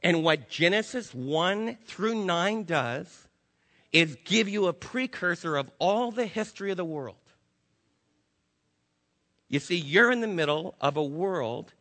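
A pastor delivering an impassioned sermon, swinging between loud urging and hushed, slow emphasis. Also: male voice, fairly high pitch, lively intonation. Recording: long reverb of a large hall.

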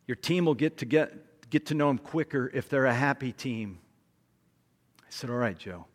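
A middle-aged man giving a sermon as guest speaker, telling a story with lively acted-out voices. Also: medium pitch, moderate pace. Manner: animated storyteller, acting out voices. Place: large church hall. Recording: long hall reverb.

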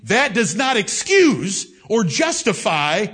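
A high-pitched man preaching a sermon to an assembly that answers him. He reads old scripture with weighty, emphatic stress and slows right down on key phrases. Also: sing-song, fairly bright tone, breathy edge. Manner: emphatic King James scripture reading. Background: congregation responses.

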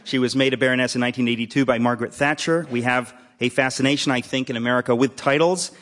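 A man at the front of a room hosts a live event and introduces the evening's speaker. He jokes in a dry, deadpan way, tossing in asides before getting to the formal introduction. His voice sits at an ordinary middle pitch. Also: fast talker. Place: hall with a live audience.

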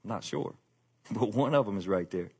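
A man's voice: on the low side, animated, normal speed, darkish tone, husky. A man preaching a sermon. He talks plainly and folksy, pushing his voice up for emphasis and easing back down for asides to the congregation. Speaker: pastor.

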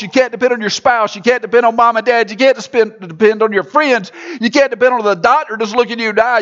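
High-voiced preacher in full sermon. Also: male voice, fairly bright tone. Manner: rhythmic, repetitive preaching with rising emphasis. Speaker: pastor. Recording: dull lo-fi church recording.

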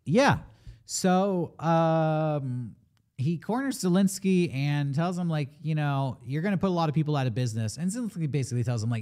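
A man with a somewhat high voice that swings up and down with a lot of life. He speaks as a podcast co-host in loose, casual chat, walking his friends through a movie plot and dropping into quick quoted lines. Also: expressive, a little mellow.

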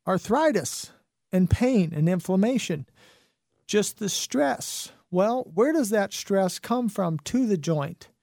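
On a radio health and wellness show, a middle-aged man delivers a slow, folksy and somewhat preachy monologue, firing question after question at his listeners. His voice is mellow and rounded yet also high, expressive and gravelly. The recording is dry and close, with no sense of a room.

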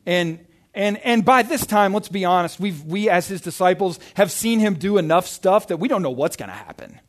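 High-pitched with lively intonation, this young man speaks at normal speed. He's a pastor delivering a chatty, conversational sermon, reading scripture, cutting himself off and often asking "right?"

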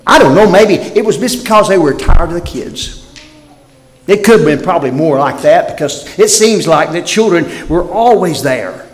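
A man preaching a sermon as pastor, swinging from loud emphatic bursts to quiet, near-whispered lines. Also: fairly high pitch, expressive, moderate pace. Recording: roomy hall reverb.

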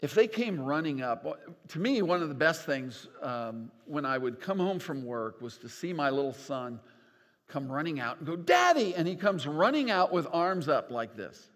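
An older man preaching a sermon as pastor, animated and folksy with gentle humor. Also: mid-range voice, normal speed. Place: church sanctuary. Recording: long church reverb.

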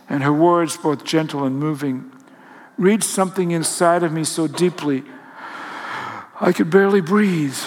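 Reflective male storyteller in an echoing hall. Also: fairly high pitch. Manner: musing, halting, with self-corrections. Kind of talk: reflective first-person storytelling. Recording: long hall reverb.

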